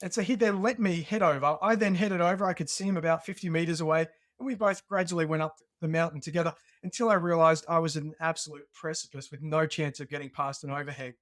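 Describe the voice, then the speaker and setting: A man with an Australian accent, a podcast guest telling a personal story in an earnest, animated way. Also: a little high, fast talker, hardly any pauses, no room sound, studio quality. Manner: earnest and animated, acts out remembered dialogue. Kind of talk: conversational storytelling.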